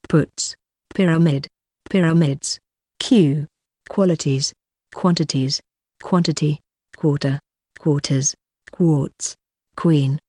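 A woman reading a vocabulary list aloud, one word at a time, slowly and deliberately. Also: sits low, a little mellow, husky, no echo, studio quality. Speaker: vocabulary reader.

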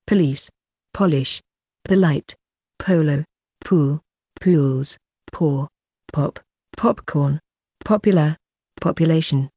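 A woman reads a vocabulary list one word at a time, very slowly. Her voice is low, mellow and a little husky, in a dry, close recording. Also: no echo. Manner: slow, evenly paced, one word at a time.

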